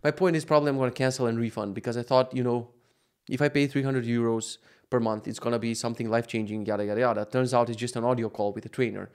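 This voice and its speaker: A man hosts his own podcast in a casual, rambling monologue, speaking fast with a mid-range, darkish voice and a steady tone. He swears often, rants, and keeps drifting off on tangents.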